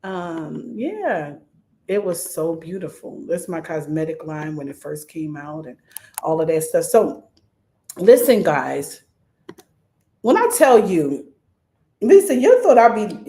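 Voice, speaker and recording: A middle-aged woman pastor with a Philadelphia accent, talking to viewers on a livestream in a lively, repetitive way and calling on them by name. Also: fairly low pitch, measured pace. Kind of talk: livestream preaching and fundraising talk.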